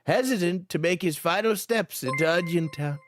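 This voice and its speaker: A man's voice: sits high, normal speed, background noise. A young man, a streamer, reading fanfiction aloud for laughs and often cracking up. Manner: amused, often breaking into laughter.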